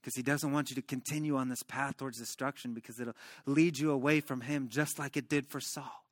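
A man voicing a stern but caring male prophet who speaks low, quiet and firm. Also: a little fast, dry recording, clean studio sound, lightly acted. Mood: gentle.

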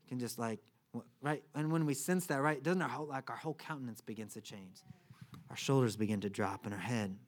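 A man's voice: medium pitch, a little fast. A man preaching a sermon as pastor, telling a Bible story with humor and checking in often with "right?". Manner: animated, humorous storytelling with many "right?" tags.

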